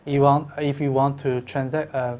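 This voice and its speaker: Halting man answering interview questions. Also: mid-range voice, little pitch movement, dull audio. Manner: halting, with many fillers and restarts. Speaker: company co-founder guest.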